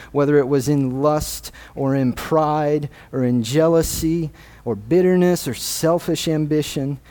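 Slow, mellow-voiced man preaching. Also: a little high. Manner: earnest, measured, reads scripture aloud. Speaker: guest preacher. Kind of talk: sermon. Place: church sanctuary.

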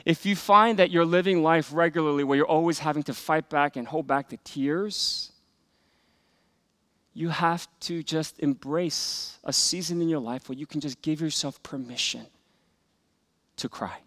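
Earnest and measured in pace, this slightly high-voiced man preaches a sermon as a pastor. He lifts his voice for forceful scripture readings and falls to quiet, hushed asides.

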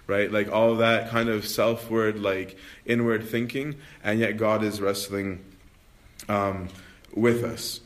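A man giving a casual spiritual lecture to a study group, talking conversationally, often checking in with "right?" and filling pauses with "um". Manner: conversational, keeps asking "right?", frequent "um"; acts out quotes with expressive swings in pitch and volume. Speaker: religious study group leader.

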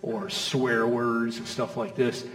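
A man's voice: medium pitch, little pitch movement, takes it slowly, a bit bright. A middle-aged man preaching a sermon in an easygoing, chatty way, firing off rhetorical questions and checking in with the crowd. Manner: conversational, stacks rhetorical questions, checks in with "okay?" and "you know?". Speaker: pastor. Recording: echoey hall, mic from far off.

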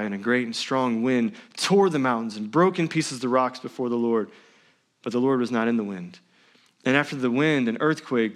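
Man preaching with dramatic loud-soft swings. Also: mid-range voice. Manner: preaching with dramatic swings between loud emphasis and near-whisper. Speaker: pastor. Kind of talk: sermon. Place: church.

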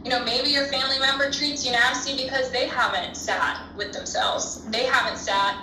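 A woman's voice: sits high, fairly even intonation, moderate pace. A woman speaking as a guest in a casual conversation, thoughtful and reflective, with many fillers. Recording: distant echoey mic with background noise.

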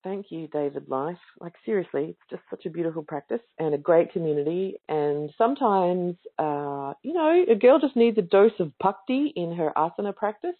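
A woman's voice: on the low side, animated, normal speed, few pauses. A woman telling a casual, enthusiastic story about a yoga class in a chatty way, and she acts out the other people's lines. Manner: chatty and enthusiastic, acting out quoted voices. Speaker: yoga student speaking to yoga teachers. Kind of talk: casual spoken anecdote. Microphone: online call or webinar audio. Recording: narrow phone-like sound.

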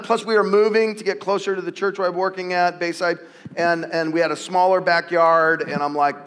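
A middle-aged man preaching from the stage with a high, bright, ringing voice. He tells a story with animated energy and climbs into shouted calls to the congregation. Soft music plays faintly behind him. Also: fairly quick. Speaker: pastor. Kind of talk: sermon with personal story. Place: church sanctuary before a congregation.

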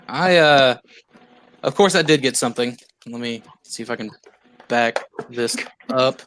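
Male podcast host, bright tone, loose rambling delivery, faint noise floor. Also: mid-range voice, unhurried. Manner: laughing, rambling, with many fillers. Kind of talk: casual chat.

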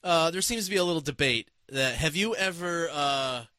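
A man casually telling a story and reading comments, animated and profane, with many restarts and laughs. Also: fairly high pitch, normal speed, no echo.

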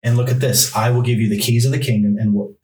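A man's voice: mid-range voice, steady tone, quick pace, a little mellow. A male pastor preaching a sermon, reading Bible passages aloud and driving points home through emphatic repetition. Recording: roomy echo, mic from a distance.

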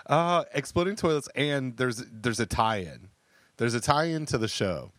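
A man co-hosts a podcast in an animated, slightly bright mid-range voice at a slow pace, chatting and rambling with lots of fillers and restarts. The recording is dry and studio clean.

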